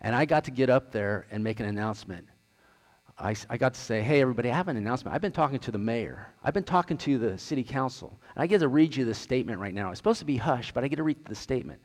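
A man's voice: mid-range voice, animated, quick pace, a little mellow. A man, an outreach director, gives an earnest slide presentation, telling stories and retelling conversations. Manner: earnest, storytelling, retells dialogue. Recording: long hall reverb.

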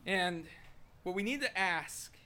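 A man preaching a sermon, reading scripture and then asking searching questions, swinging between loud proclamation and soft, quiet asking. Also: sits high, expressive, slow.

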